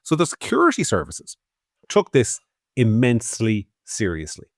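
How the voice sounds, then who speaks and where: A man's voice: medium pitch, huge pitch swings, moderate pace, creaky, no echo, studio quality. An Irish man co-hosting a podcast, giving opinionated political commentary in a sardonic, swearing tone. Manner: sardonic, swearing, swings loud and soft. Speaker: podcast co-host.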